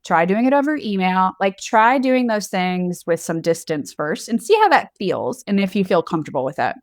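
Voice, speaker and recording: A woman's voice: mid-range voice, sing-song, normal speed, dry recording, studio quality. A woman co-hosting a podcast in casual chat, candid and playful, often laughing. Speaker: podcast co-host.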